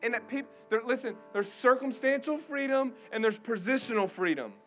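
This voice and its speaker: Fervent high-voiced male preacher. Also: animated, normal speed, a bit bright, soft background music. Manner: urgent, repetitive, fervent preaching. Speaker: guest preacher. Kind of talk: sermon to college students.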